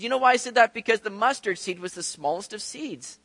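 Brief: a high-voiced male pastor, lively and conversational, who acts out the quotes he tells. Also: fast talker, few pauses, no echo. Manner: conversational, animated, acts out quoted voices, asks rhetorical questions. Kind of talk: sermon.

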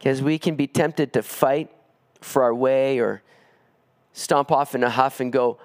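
A man preaching an expository sermon, earnest, climbing higher when he presses a point. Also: animated, moderate pace. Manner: earnest preaching, rising in pitch on emphatic pleas. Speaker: pastor.

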